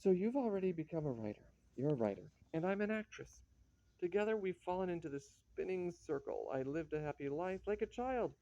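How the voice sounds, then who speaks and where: A man reading a play, voicing a worn-down young actress in halting, faltering speech. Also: high-pitched, animated, warm tone, dry recording, lo-fi sound. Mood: weary. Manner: halting, broken, stumbling restarts.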